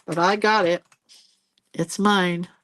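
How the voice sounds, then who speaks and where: A woman's voice: on the low side, fairly even intonation, slow, a bit bright, a little hiss or hum. A woman in her sixties hosting a live drawing stream, chatting casually as she paints. She laughs often and jumps between stories and viewer comments.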